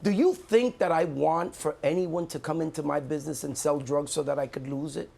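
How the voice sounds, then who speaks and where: An indignant man defends himself in a live studio debate. His voice has a gravelly, creaky edge and he leans hard on his points, repeating them for weight. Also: fairly high pitch, a little fast, a little mellow. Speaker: mayoral candidate.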